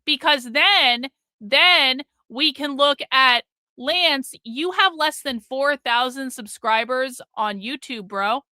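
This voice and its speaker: Bright-voiced woman ranting on a livestream. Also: high voice, slow pace, dry recording. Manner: profane, combative rant; sarcastic and mocking. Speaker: live-stream host. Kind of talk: live-stream commentary.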